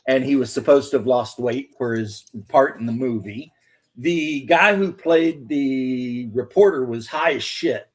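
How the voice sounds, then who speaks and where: Husky man telling rambling stories. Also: medium pitch. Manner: rambling storyteller, acts out quotes, swears, laughs. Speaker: host. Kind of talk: casual chat.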